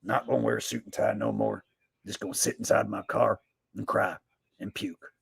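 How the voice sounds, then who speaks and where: A man doing a gravelly whining mock talk host. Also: deep voice, big pitch swings, moderate pace, no echo, studio quality, voice pushed down, full character voice. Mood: whiny. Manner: exaggerated sarcastic whining. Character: mocking parody of a ranting male talk host.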